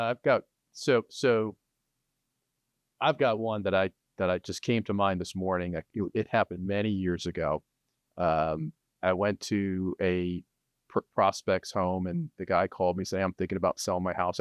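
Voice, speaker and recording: A middle-aged man, a real estate agent and podcast host, telling a story in a casual, animated way, often restarting and laughing. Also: deep voice, moderate pace, no echo.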